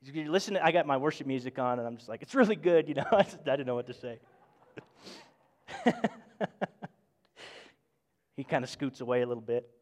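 A man preaching a sermon with passion, swinging between loud emphatic bursts and hushed, intimate moments. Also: medium pitch, expressive, a little fast, long pauses. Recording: long hall reverb.

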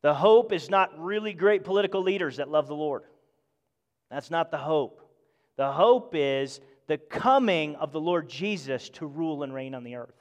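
Male preacher, slightly high voice, impassioned and dynamic, echoing hall sound. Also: normal speed. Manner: passionate, swings from loud to hushed. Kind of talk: sermon. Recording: long hall reverb.

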